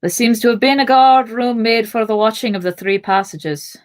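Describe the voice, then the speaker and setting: A woman voicing a gruff male dwarf warrior in a read-aloud fantasy story, speaking bluntly and practically. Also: on the high side, moderate pace, pitched above the performer's own voice, close to an everyday voice. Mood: matter-of-fact.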